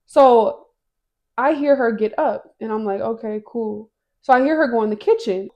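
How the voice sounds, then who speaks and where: A woman's voice: a little high, normal speed, highs cut off. A young woman co-hosting a podcast, telling a story in casual chat with lots of slang and swearing. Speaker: podcast co-host.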